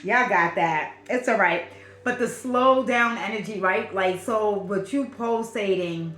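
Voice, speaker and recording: A Brooklyn woman with a Brooklyn accent gives a channeled spiritual reading, repetitive, affirming and emphatic. Her mid-range voice is a bit bright, and the recording is reverberant.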